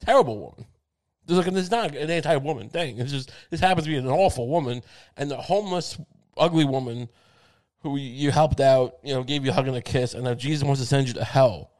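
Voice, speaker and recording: A man's voice: medium pitch, fairly quick, darkish tone. Rambling, profane comedic male podcaster. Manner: rambling, profane, stammering restarts; acts out quoted voices in bits. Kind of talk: crude comedic monologue.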